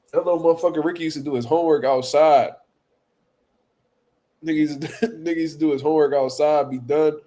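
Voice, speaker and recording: A man hosting a boxing talk show, telling funny stories casually with lots of profanity, repetition and laughter. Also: on the high side. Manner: animated, profane, laughing, repeats words. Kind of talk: casual comedic storytelling.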